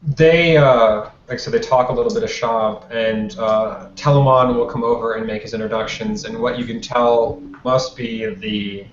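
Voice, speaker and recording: A man's voice: mid-range voice, fairly even intonation, moderate pace, few pauses. A man narrating as game master in a tabletop game, telling the scene in a loose, conversational way. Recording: roomy, dull lo-fi, faint noise.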